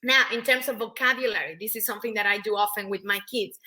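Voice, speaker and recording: A woman's voice: medium pitch, fairly even intonation, fast, bright, forceful tone. A middle-aged woman from Mexico with a Mexican Spanish accent, talking emphatically as an interview guest and acting out quoted voices. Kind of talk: animated interview talk.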